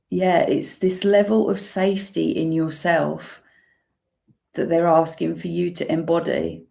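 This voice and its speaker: A woman giving an intuitive tarot reading, musing slowly and using many fillers as she talks through the cards. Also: low voice, creaky, a little mellow. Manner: slow, musing, full of fillers. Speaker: tarot reader.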